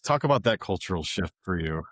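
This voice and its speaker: A man with a fairly low voice hosts a podcast interview in a relaxed, conversational way. He often restarts his phrases as he puts his questions together. The recording is dry and close. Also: brisk, no echo. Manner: relaxed, loose phrasing with repeated starts. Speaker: podcast host. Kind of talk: casual interview chat.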